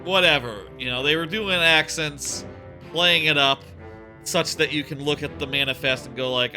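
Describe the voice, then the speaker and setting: Faint music sits behind this young man's sharp, somewhat high voice as he plays a game at a moderate pace. He hosts let's plays, rambling and thinking out loud in casual commentary.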